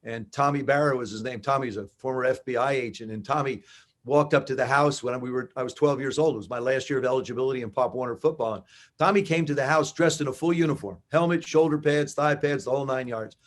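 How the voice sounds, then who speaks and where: Older man telling animated stories. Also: mid-range voice, fast talker. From New Jersey, US. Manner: animated anecdotes with acted-out dialogue. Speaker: interview guest. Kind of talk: conversational storytelling.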